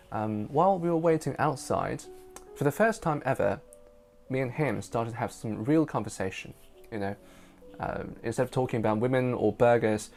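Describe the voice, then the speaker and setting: A man whose first language is Chinese tells a personal story in relaxed, chatty English for learners. His voice is gravelly, at a middle pitch. Soft guitar plays quietly behind him. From China. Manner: casual, chatty. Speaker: interpreter.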